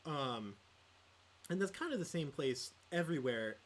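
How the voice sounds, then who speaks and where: A man's voice: on the high side, animated, a little slow, a little hiss or hum. A man co-hosting a casual podcast chat about tabletop games, rambling with lots of fillers and restarts. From Midwest United States. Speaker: podcast co-host.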